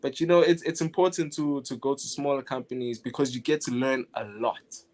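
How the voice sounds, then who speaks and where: A young South African man, appearing as a guest animator in a casual interview, talks briskly in a mid-range voice. He's relaxed, laughs often, and keeps restarting his phrases.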